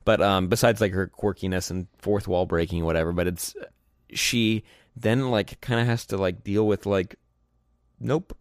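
A man's voice: low-pitched, steady tone, normal speed, no echo, studio quality. A man casually chatting about comics as a podcast co-host, retelling stories and saying "like" a lot. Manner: storytelling, heavy use of "like".

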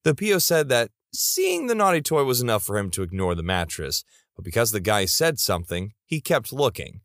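A man's voice: on the low side, huge pitch swings, brisk, fairly bright tone, no room sound, clean studio sound. A man narrating reader stories in a comedic style, with playful asides.

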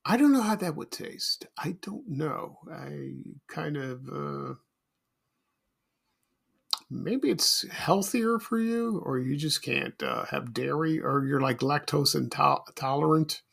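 A man's voice: on the high side, animated, slow pace, gravelly, a bit bright, breathy edge. A middle-aged man from Chicago hosting a casual solo podcast, rambling and nostalgic with many fillers and restarts. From Chicago, USA. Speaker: podcast host.

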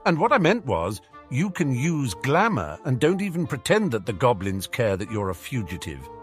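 A man's voice: medium pitch, huge pitch swings, normal speed, faint music behind, pitched above the performer's own voice. A man voicing a sarcastic, cheeky teenage boy wizard in a storybook reading, teasing and mock-dramatic. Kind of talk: audiobook character reading.

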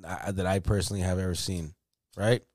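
Slangy, animated male podcast host. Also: sits low, a little fast, no room sound, clean studio sound. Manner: animated storyteller, acts out quoted voices loudly; heavy swearing and slang. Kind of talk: casual chat.

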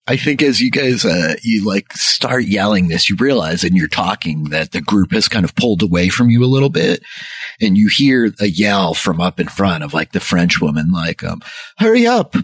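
Deep husky game master. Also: male voice, normal speed, fairly bright tone, no echo. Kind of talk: narrating a tabletop game.

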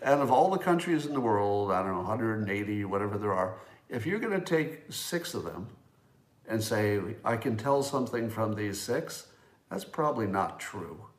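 A man hosting a solo commentary show, talking in a conversational, emphatic way as he thinks aloud. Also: lowish voice. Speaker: host. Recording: roomy echo.

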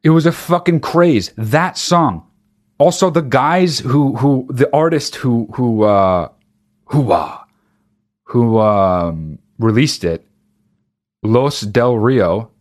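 A man's voice: mid-range voice, animated, slow pace. A man delivering a profane, exasperated comic rant, breaking into mock sung bits. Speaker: comedian. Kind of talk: stand-up style comic rant.

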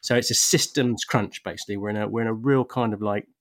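A man's voice: on the low side, steady tone, fast. A man on a casual podcast, explaining ideas step by step. He is thoughtful and talks through figures. He restarts his sentences often. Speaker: podcast panelist.

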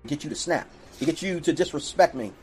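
Brief: male preacher in a clip, high voice, insistent and repetitive, lecturing tone. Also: lively intonation, a little fast, breathy edge, faint music behind, rough recording. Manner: insistent, repeats questions. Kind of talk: preachy monologue.

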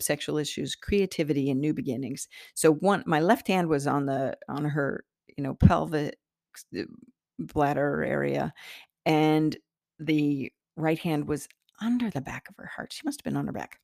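Low gravelly woman telling a story. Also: moderate pace, darkish tone, dry recording, clean studio sound. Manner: earnest, rambling, many fillers and restarts. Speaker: podcast host, healer. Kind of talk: personal storytelling.

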